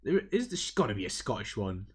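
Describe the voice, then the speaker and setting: A man hosting a casual livestream chat, excitable and rambling, poking fun at himself. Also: fairly low pitch, fairly quick, slightly rough. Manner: excitable, rambling, self-mocking. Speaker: livestream host.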